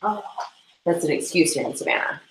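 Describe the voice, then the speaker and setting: Cleaning tack during a casual livestream, this co-host giggles and rambles, dropping quick asides as she goes. She has a deep, very animated voice. The sound is roomy, with background noise.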